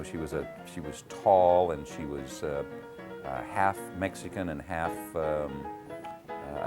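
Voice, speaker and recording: A man with an extremely deep voice recalling memories in a documentary interview. He hesitates and restarts often as he searches for words. Guitar music plays clearly behind him. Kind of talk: interview recollection.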